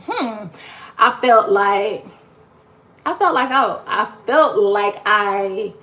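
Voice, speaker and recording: A woman's voice: mid-range voice, fairly bright tone. A woman, mother of four, talking casually on her livestream in a rambling, encouraging way full of "like" fillers. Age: adult mother of four. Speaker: YouTube live streamer.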